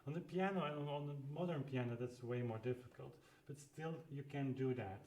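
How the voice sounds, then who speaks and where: A man teaching a live keyboard practice lesson, calmly explaining fingering step by step as he plays. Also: mid-range voice, a little fast. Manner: calm, explains fingering step by step while playing. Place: room with a clavichord. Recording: roomy sound with clavichord playing.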